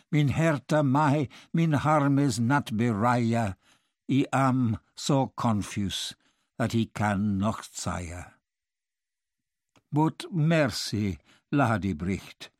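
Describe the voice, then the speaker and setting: A man's voice: mid-range voice, no echo, studio quality. A man voicing a young knight praying to the goddess of love, reciting archaic verse in a solemn, pleading way. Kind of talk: reading medieval verse aloud.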